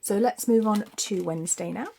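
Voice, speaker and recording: A woman's voice: mid-range voice, normal speed, creaky, mellow, slight background noise. A woman giving a weekly psychic tarot forecast in a chatty, spiritual way, laughing often.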